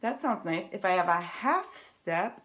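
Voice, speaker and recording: A woman's voice: fairly low pitch, expressive, unhurried, loud music behind the voice. Upbeat woman violin teacher. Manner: upbeat, encouraging, explains step by step. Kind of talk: friendly music lesson to camera.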